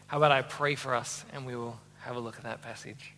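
An Australian man preaching a sermon, telling a story with lively acted-out voices. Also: medium pitch, brisk. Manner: animated storyteller, acts out voices. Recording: long hall reverb.

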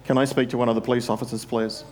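A puzzled pastor on the phone who keeps pressing a small child with questions, as a preacher puts him on. His questions climb higher and more insistent with each reply. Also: little pitch movement, very fast, a little mellow, natural voice. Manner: rising, increasingly puzzled questions. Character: puzzled adult male pastor calling a home.

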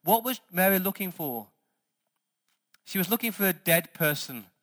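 A man pastor preaching a sermon, stressing words loudly and then dropping to quiet asides. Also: sits high, lively intonation, moderate pace. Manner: emphatic preaching, swings between loud stresses and quiet asides.

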